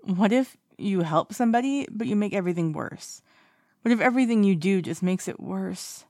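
A woman's voice: mid-range voice, lively intonation, moderate pace, dark tone, dry recording, voice pushed up, close to an everyday voice. A woman voicing a tipsy, playful young man in an audiobook, bubbly and teasing, with a dry close sound. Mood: drunk troubled. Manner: bubbly, teasing, sing-song calls of a name. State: drunk. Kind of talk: audiobook character voice.

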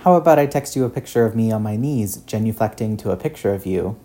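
Glib fast-talking guy, read by a man, dodgy and witty, dark mellow tone. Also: on the low side, expressive, natural voice. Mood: evasive. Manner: quick evasive wisecracks. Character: glib evasive grown man, quick-witted.

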